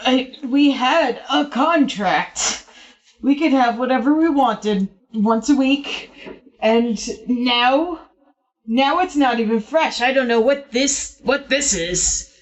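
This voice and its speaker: A woman's voice: sits high, slow, lo-fi sound. A woman voicing a whiny winged male monster with a scorpion-like tail, rambling its complaints in a tabletop game. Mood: aggrieved.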